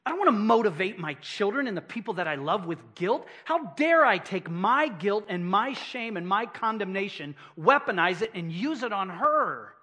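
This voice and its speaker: A man's voice: sits high, big pitch swings, normal speed, hardly any pauses, bright, forceful tone. A middle-aged man pastor delivering a sermon, emphatic and repeating key phrases for effect.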